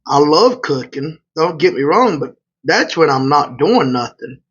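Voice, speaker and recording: A trucker talks loose and colloquial as he eats and rambles into a story, his voice sitting a bit high for a man. The audio is slightly muffled and lo-fi. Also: animated, unhurried, fairly bright tone, slightly rough. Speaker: truck driver and vlogger. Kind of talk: casual storytelling while eating. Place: hotel room.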